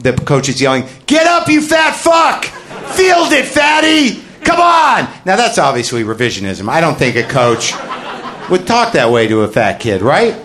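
A male stand-up comedian working through a confessional bit. His pitch sits in the ordinary middle range for a man. He rambles, mocks himself and keeps jumping into loud shouted mini-characters. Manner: rambling, self-deprecating confessional storytelling.

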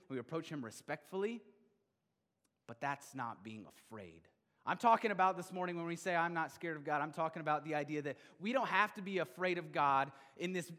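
Man, pastor, sermon, slightly high voice, long echoing reverb, animated storytelling. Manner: animated storytelling, voicing the father with rising excitement.

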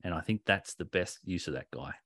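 Sweary low-voiced man chatting. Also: brisk, dry recording, studio quality. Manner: animated, sweary, laughs often. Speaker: podcast co-host. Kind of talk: casual chat.

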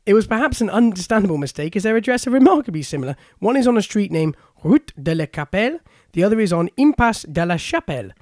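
A man's voice: sits high, big pitch swings, fast talker, few pauses, a little mellow, no room sound, studio quality. A man co-hosting a podcast, reading out news stories with chuckling asides. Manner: reads items out, chuckling asides. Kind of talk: casual chat, reading news aloud.

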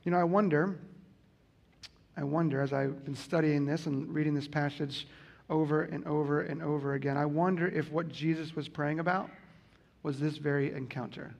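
A man's voice: on the high side, steady tone, normal speed, gravelly, darkish tone. A man preaching a sermon as a pastor, earnestly repeating key lines for emphasis.

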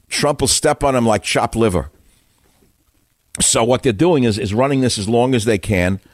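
A man's voice: fairly low pitch, dry recording, studio quality. An older man hosting a radio talk show, delivering a combative, sarcastic, rambling monologue full of insults. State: winded.

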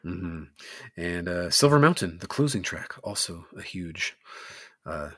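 A man with a lowish voice runs through album ratings in a relaxed, chatty way. He laughs easily. The sound is close and dry with no room around it. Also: unhurried, no echo. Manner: laid-back, laughs often, rates albums out of eleven. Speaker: podcast co-host. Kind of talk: casual music chat.

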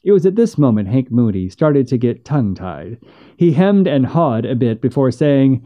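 A man narrating a western story in a measured, steady way. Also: mid-range voice, dull audio.

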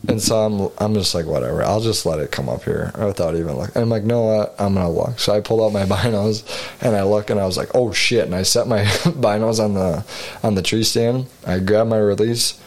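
A man's voice: fairly low pitch, fairly quick, a little mellow. A man co-hosting a podcast, rambling through a hunting story in casual chat with frequent swearing. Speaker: podcast co-host.

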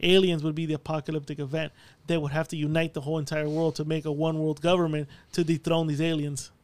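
A man's voice: a little high, little pitch movement, fast, darkish tone, no room sound. A man co-hosting a podcast in casual chat, laughing often and swearing freely as he riffs. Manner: laughs often, profane, riffs on conspiracy theories. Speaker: podcast co-host.

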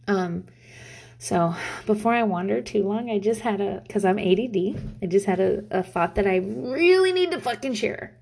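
A woman's voice: medium pitch, a little mellow. A woman in her thirties talking casually to camera as a parent, candid and profane, rambling with lots of fillers. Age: 30s. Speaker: parent vlogger.

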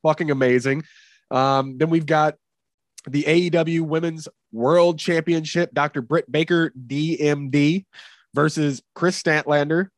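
A man's voice: fairly high pitch, steady tone, unhurried, no echo, studio quality. A man hosting a podcast in casual chat, rambling and cursing with many fillers. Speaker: podcast host.

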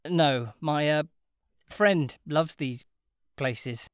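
A man's voice: on the high side, very slow, no room sound, clean studio sound. A narrator voicing George, an awkward, polite young man who stammers when flustered, in an audiobook.

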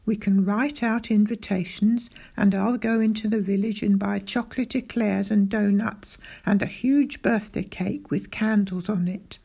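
A woman voicing a kind, doting father who gently coaxes his son. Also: medium pitch, steady tone, unhurried, gravelly, few pauses, breathy edge. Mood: coaxing. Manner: gently coaxing.

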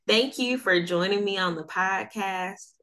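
A woman's voice: medium pitch, measured pace, fairly bright tone. A woman with a Southern US accent from North Carolina, hosting a podcast interview in a chatty, upbeat way. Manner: chatty and upbeat, laughs often. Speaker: podcast host. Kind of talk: casual interview chat.

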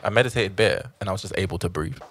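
A man's voice: low voice, quick pace, noisy background. A man hosting a podcast, joking and easygoing with slang. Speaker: podcast host. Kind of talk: casual interview chat.

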